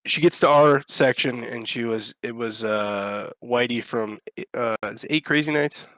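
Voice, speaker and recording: A man spinning a rambling anecdote on a podcast, swearing freely and jumping into voices for each quote. He has an everyday, mid-pitched man's voice. It is recorded dry and close, with no room echo. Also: measured pace. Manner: animated, profane, acts out quotes. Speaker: podcast co-host. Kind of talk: casual storytelling chat.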